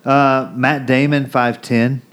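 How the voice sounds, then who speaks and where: A man's voice: mid-range voice, level tone, slow, a bit bright. A man co-hosting a casual movie podcast, talking enthusiastically with a loose, chatty manner. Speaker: podcast co-host.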